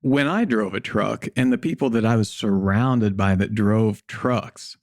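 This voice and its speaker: A man's voice: fairly low pitch, unhurried, a little mellow, no room sound, clean studio sound. A man as a podcast guest, talking bluntly and jokily and swearing casually. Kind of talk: casual interview chat.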